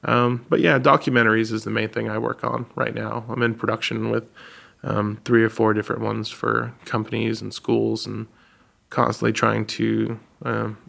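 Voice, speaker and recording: Gravelly-voiced man telling stories. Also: lowish voice, moderate pace. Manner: animated storyteller, laughs often, mimics others. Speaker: documentary filmmaker. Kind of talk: casual conversation.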